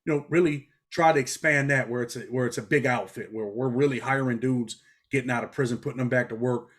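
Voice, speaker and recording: A man's voice: mid-range voice, fast. A middle-aged man from New York, a former prisoner talking bluntly in a casual interview. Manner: blunt, street-talking, animated storytelling.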